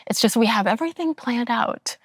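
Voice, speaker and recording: A woman's voice: fairly high pitch, expressive, brisk, slightly rough, no echo, clean studio sound. A woman hosting an interview show, talking in a reflective, personal way. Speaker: host. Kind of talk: conversational interview.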